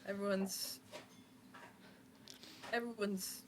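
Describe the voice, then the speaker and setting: A woman's voice: medium pitch, flat delivery, extremely slow, a little hiss or hum. A woman playing a stammering, sorry tinkerer. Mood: awkward. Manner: flustered, stammering apologies. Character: apologetic, bumbling tinkerer Shimmy.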